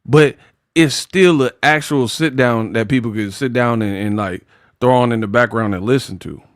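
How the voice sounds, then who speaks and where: A man hosting a boxing commentary vlog, talking in a slangy, animated and mocking way. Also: mid-range voice, normal speed, dry recording, studio quality.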